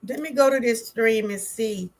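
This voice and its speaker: A woman's voice: fairly high pitch, moderate pace. A woman from Georgia with a Southern accent, chatting with viewers on a livestream as a wellness vlogger, exclaiming and talking back to her chat.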